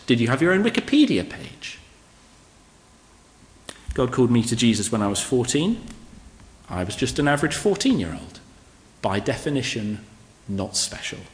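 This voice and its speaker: Male preacher, slightly higher voice, conversational sermon, long hall reverb. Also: a bit bright. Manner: conversational, rhetorical questions. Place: church hall.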